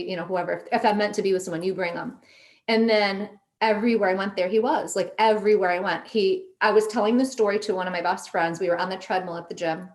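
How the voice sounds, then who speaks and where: A middle-aged woman telling a personal story in a casual chat, animated and quoting herself and others as she goes. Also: mid-range voice. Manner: animated, quotes herself in lively voices. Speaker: podcast guest.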